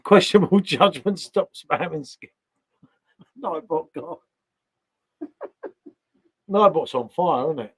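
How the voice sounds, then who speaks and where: A man talks casually to his live-stream viewers from his sitting room, tagging little questions onto his remarks. His voice sits a touch high for a man, with a gravelly, husky grain and a good deal of fry. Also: expressive, slow, long pauses.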